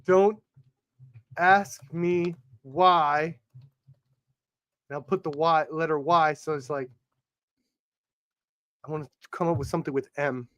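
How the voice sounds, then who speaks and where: A man's voice: a little high, fairly even intonation, moderate pace, pauses often, a bit bright, no echo, highs cut off. A man hosting a casual stream chat, laughing and swearing as he makes up rhyming lyrics on the spot. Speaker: host. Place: live stream call with chat.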